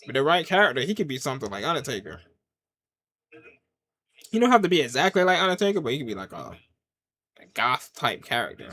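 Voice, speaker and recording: A man giving casual live reaction commentary while watching a wrestling show, swinging from loud excited yelps to low mutters in easygoing slang. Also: fast, long pauses. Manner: casual slang, talks to himself and the chat. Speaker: wrestling watch-along reviewer.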